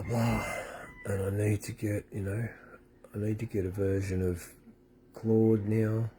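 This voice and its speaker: A man's voice: fairly low pitch, noisy background. A man, rambling emotionally through a personal faith testimony in a vlog, often repeating himself and welling up. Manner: emotional, repetitive, tearful at times. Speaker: vlogger.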